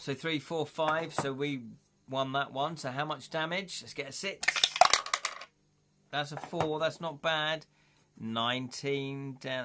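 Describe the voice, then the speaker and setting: Over heavy background noise, a man with a medium-pitched voice chats casually on a live stream while playing through a gamebook. He thinks aloud and corrects himself as he tallies dice rolls.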